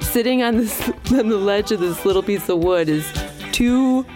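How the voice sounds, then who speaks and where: A woman co-hosting a podcast, telling a casual story in an animated way, acting out quotes and laughing as she goes. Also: mid-range voice, moderate pace, over music. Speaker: podcast co-host.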